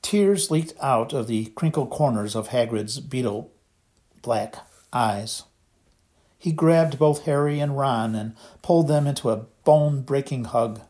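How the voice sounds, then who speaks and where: In a voice that sits in the middle range, a man narrates an audiobook from a script, keeping his storytelling even and measured.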